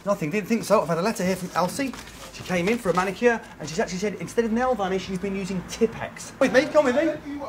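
A man's voice: sits high, quick pace, slight background noise. A man playing a pompous consumer-show presenter in a hidden-camera prank, blustering and accusatory. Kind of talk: comic hidden-camera confrontation.

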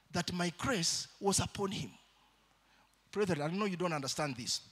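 A man preaching a sermon in church, shifting between loud calls to the congregation and quieter storytelling. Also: high-pitched, husky.

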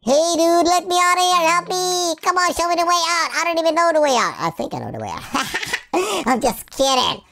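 A woman voicing a hyper, silly young female puppy while playing a video game, excitable and goofy, jumping between squeals and low mutters. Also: measured pace, vocal fry, exaggerated voice. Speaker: gameplay commentator. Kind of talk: playful in-character game commentary.

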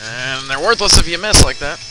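This young man's voice is a bit high, animated, and fairly quick as he rambles through a video game session, cursing often when he loses. Loud game music plays under crackling sound from his boosted computer mic.

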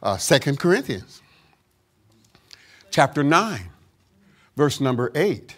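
A man's voice: medium pitch, big pitch swings, slow pace, a bit bright. A man preaching a sermon as pastor, emphatic, with call-and-response asides and acted-out voices of doubters. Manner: acts out quoted voices of doubters.

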